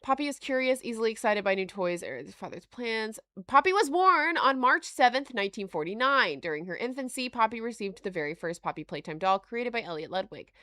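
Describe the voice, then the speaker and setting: A woman hosting a live stream, reading notes aloud and reacting to chat with frequent laughter and animated asides. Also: fairly high pitch, brisk, hardly any pauses, no room sound, clean studio sound. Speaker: livestream host.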